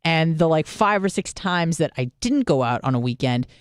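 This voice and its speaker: Young woman radio host, casual monologue, frank and foul-mouthed, smooth clear voice, dry close sound. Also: sits low, lively intonation, normal speed, no room sound. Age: 20s. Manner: candid, profane, self-deprecating storytelling.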